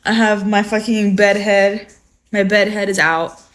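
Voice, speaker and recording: Just out of bed, a young California woman runs a laid-back morning livestream on her phone. Her mid-range voice holds a steady tone and measured pace while she meanders, dropping plenty of fillers and swear words.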